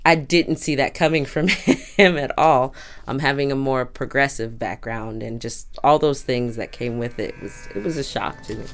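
A woman in her twenties from Durham, North Carolina, telling a personal story in a thoughtful way with frequent pauses. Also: a bass voice. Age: 20s. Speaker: community storyteller. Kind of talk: reflective storytelling.

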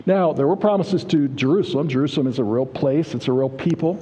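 A man's voice: mid-range voice, quick pace, mellow, breathy edge. A male pastor preaching a sermon in a conversational way, often asking the congregation "Amen?". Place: church sanctuary. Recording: long reverb of a church hall.

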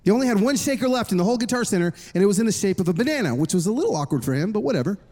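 A man in his thirties preaching a sermon to a congregation, telling a lively personal story with jokes. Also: high-pitched, very fast. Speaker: worship pastor. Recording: long reverb of a large hall.

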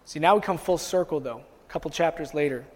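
High-voiced preacher in a reverberant hall. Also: male voice, fast talker. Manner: rises in pitch and volume as he builds intensity; repeats and restarts phrases while preaching. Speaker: pastor. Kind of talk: sermon.

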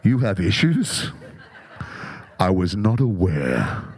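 Man doing a deep slow God voice. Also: huge pitch swings, darkish tone, slightly rough, heavily acted. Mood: deadpan. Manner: deep, slow, drawn-out delivery. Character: booming slow-spoken God, dryly unimpressed.

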